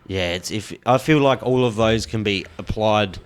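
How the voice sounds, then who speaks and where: A man's voice: fairly low pitch, moderate pace, clear, resonant tone. A man hosting a podcast, retelling stories loosely and swearing often. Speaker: podcast host. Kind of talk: casual podcast chat.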